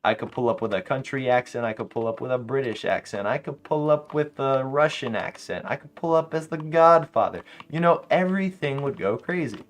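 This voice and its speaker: A young man streaming a game late at night, chatting casually to his viewers and telling animated, slangy stories. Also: mid-range voice, brisk, hardly any pauses. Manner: animated storytelling, slangy, laughs often. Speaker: live streamer. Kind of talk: casual livestream chat while gaming.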